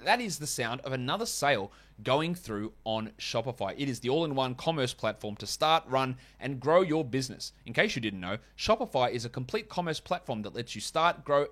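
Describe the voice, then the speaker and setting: A man's voice: mid-range voice, a bit bright. A man hosting a fantasy basketball podcast, running through stats and ad reads with chatty, wry asides. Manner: chatty, wry asides, quick stat rundowns. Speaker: podcast host.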